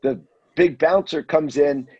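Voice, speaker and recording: Husky man spinning a wild story. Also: a little high, a little slow. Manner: animated storyteller, acts out voices. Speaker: guest storyteller. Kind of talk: casual anecdote telling. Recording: dull lo-fi audio.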